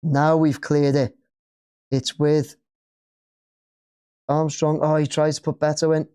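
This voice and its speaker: A man's voice: a little high, little pitch movement, slow, warm tone, smooth. A man with an English accent hosting a live football watch-along, chatting casually and cheering at the play.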